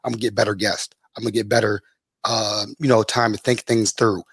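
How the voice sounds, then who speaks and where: A man, a podcast host telling stories as a guest, lively and acting out the people he quotes. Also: fairly quick, slightly rough, dry recording, studio quality. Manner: animated, acts out quoted people with big pitch jumps. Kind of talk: casual storytelling in an interview.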